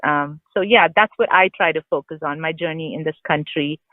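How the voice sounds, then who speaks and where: A woman's voice: sits low, a little fast, no echo. Woman with Indian English accent on a phone line. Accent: Indian English with British influence. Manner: candid, chatty, many fillers and restarts. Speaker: guest author. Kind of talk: casual interview chat. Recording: dry phone-line sound.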